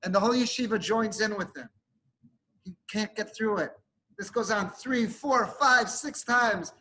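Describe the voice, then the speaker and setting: A man's voice: high-pitched, measured pace, pushed and bright, low-quality recording. A male rabbi giving a sermon, telling an emotive story and sprinkling in Hebrew and Yiddish terms.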